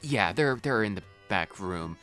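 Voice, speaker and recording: A flustered, motherly innkeeper woman, put on by a man stammers out soothing words in a bright, ringing tone. Her pitch jumps around a lot. Faint game music plays underneath. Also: expressive, unhurried, smooth. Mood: hesitant, soothing.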